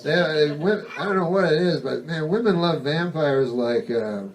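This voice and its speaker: A man's voice: fairly high pitch, lively intonation, normal speed, slight background noise. A male stand-up comedian doing a rambling, profane routine that keeps interrupting itself. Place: comedy stage before a live audience. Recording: distant mic with audience laughter.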